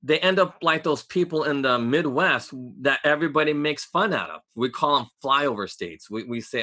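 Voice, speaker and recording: A man's voice: fairly high pitch, animated, moderate pace, few pauses, pushed and bright. A man in casual podcast chat, opinionated and ranting, with sarcastic asides.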